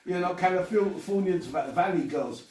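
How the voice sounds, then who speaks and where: A man's voice: sits high, normal speed. A man with a London accent hosting a podcast in casual chat. He swears often, laughs a lot and rambles. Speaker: podcast host. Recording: echoey room, mic at a distance, some noise.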